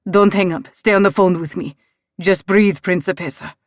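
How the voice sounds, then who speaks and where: Narrator doing Dominic, calm protective mafia boss. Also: moderate pace, no room sound, clean studio sound, natural voice. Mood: soothing. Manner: steady, reassuring, low-key.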